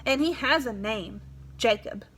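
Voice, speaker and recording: Storybook read: a woman voicing a firm, protective farm wife, high-pitched. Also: lively intonation, a little slow, a bit bright, a little hiss or hum.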